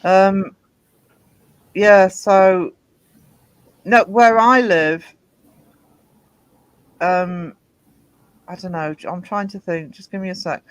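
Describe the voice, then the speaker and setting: A man hosting a casual livestream chat. He talks haltingly, with many pauses and restarts. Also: high-pitched, fairly even intonation, smooth, dry recording, highs cut off. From Britain. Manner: halting, lots of ums and restarts. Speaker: host.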